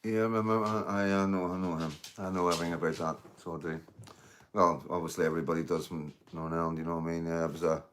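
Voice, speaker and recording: A man's voice: low voice, fairly even intonation, fast talker, a bit bright, a little hiss or hum. A middle-aged man, rambling and swearing through a casual livestream chat with viewers. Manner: rambling, swears freely, addresses viewers as mate and guys. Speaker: livestream host.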